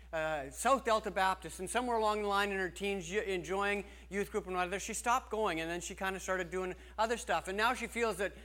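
A man's voice: high-pitched, bright, forceful tone. A man preaching a sermon as pastor, talking earnestly and conversationally, often restarting his sentences.

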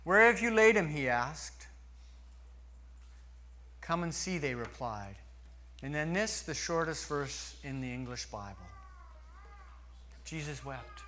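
Man preaching slow and earnest, kinda high bright voice. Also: lively intonation, slight background noise. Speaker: pastor. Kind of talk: sermon.

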